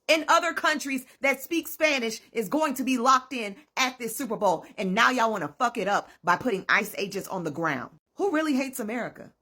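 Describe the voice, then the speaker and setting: A woman with a bright, husky voice delivers an indignant rant. Her pitch leaps around with emphasis. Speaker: commentator. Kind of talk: opinion video.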